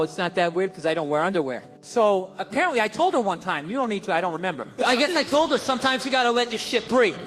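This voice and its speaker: A man telling a profane stand-up story about his kids, acting out the people in it. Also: high voice. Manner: profane, animated storytelling with acted quotes. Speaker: stand-up comedian.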